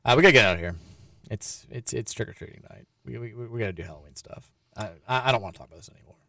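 A man hosting a sports talk show, reading listener messages aloud in a quick, rambling flow. His speech runs fast, and the studio sound is dry and close. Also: mid-range voice, gravelly, bright, forceful tone, no echo. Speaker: sports radio host.

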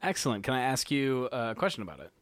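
A young adult man co-hosting a movie podcast, casual and joking with quick teasing asides. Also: mid-range voice, big pitch swings, fairly bright tone, no room sound. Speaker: podcast co-host. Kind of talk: casual movie review chat.

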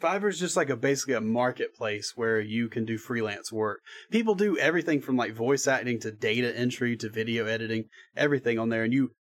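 A man's voice: mid-range voice, a little fast, few pauses. A man who works as a freelance voice actor, talking as a guest in a casual podcast chat, rambling and laid-back and swearing now and then.

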